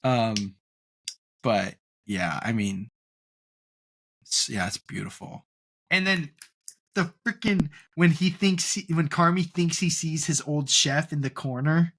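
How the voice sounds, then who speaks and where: A young man co-hosting a podcast in casual chat, excitable and gushing, with lots of fillers and restarts. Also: a little high, slow, long pauses. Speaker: podcast co-host.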